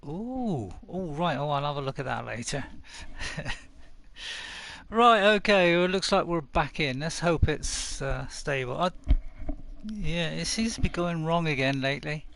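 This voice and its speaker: A man's voice: a little high, expressive, a little slow, gravelly, a bit bright, a little hiss or hum. A man live-streaming a game from home, chatting casually and rambling with little chuckles, close to his desk mic. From United Kingdom. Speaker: gaming streamer. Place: home room.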